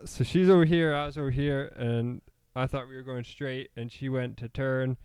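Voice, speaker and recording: A man's voice: medium pitch, steady tone, normal speed, a little mellow, clean tone, no room sound. A young man co-hosting a casual chat show, rambling and laughing as he tells stories. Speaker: co-host.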